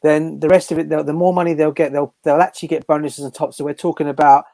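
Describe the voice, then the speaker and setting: Fast-talking man, rambling. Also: fairly high pitch, flat delivery, vocal fry, dark tone, dry recording. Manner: rambling, loose phrasing. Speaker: panelist. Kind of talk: casual live stream chat.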